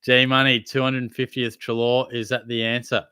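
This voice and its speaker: Young aussie bloke on a livestream, bright clear voice, dry close sound, matey and easygoing. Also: male voice, medium pitch, flat delivery, moderate pace, no room sound. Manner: laid-back, matey, chatty with viewers. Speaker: livestream host answering chat questions. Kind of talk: casual live Q&A chat.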